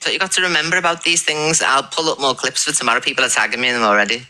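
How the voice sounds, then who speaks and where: Bright aggrieved man. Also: medium pitch, fairly even intonation, racing, rough recording. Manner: aggrieved, rambling, repeats "you know what I mean". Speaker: livestreamer. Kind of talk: aggrieved livestream chat.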